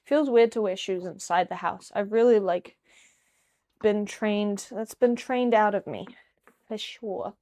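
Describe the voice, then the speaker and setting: Slow-talking joking young woman streamer. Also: medium pitch, dark tone. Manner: rambling, joking, self-deprecating. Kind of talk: casual live-stream chat.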